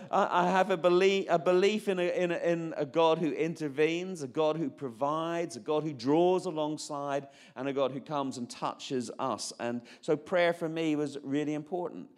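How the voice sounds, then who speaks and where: Preaching about his own life, a man in his fifties from Northern Ireland chats along at a moderate pace with a fairly high-pitched voice. He interrupts himself, restarts, and adds jokey asides.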